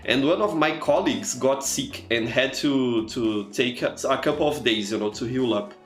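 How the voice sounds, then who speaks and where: A man's voice: medium pitch, normal speed. A man from Brazil, chatting casually while streaming a game, greeting viewers and filling with "you know". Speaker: streamer and teacher. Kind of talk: casual live-stream chat over gameplay. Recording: echoey room with faint music.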